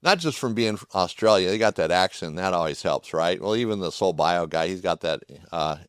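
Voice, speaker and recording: A man's voice: low-pitched, lively intonation, a little fast, clean tone, no echo, clean studio sound. A man hosting a podcast, chatting casually and folksily about gear, rambling with restarts. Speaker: podcast host. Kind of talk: casual product talk.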